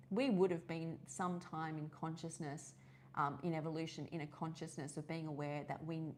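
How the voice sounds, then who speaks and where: A woman with an Australian accent chats her way through a live session. She rambles and restarts, filling gaps with ums and uhs. Her voice sits a little low for a woman. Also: a little hiss or hum. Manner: rambling, chatty, many fillers and restarts. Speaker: host of a live wellness session. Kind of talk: casual live-stream chat.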